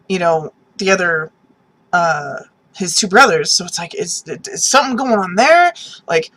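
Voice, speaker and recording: A woman giving a casual, animated spoken review of a TV episode, with lots of "um"s and restarts, sometimes acting out characters' reactions. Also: medium pitch, rough recording. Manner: animated, many ums and restarts, acts out reactions.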